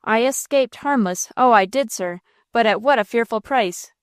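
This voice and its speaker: Woman doing a wild young heroine, high, breathless and pleading, dry close sound. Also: moderate pace, clean tone, dry recording, close to an everyday voice. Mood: distraught.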